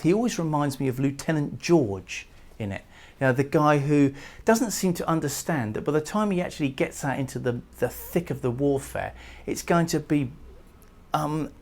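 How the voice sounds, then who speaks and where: A man giving a recorded poetry lecture who reads verse aloud and talks with lively emphasis, pushing key words up in pitch and volume. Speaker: literature lecturer.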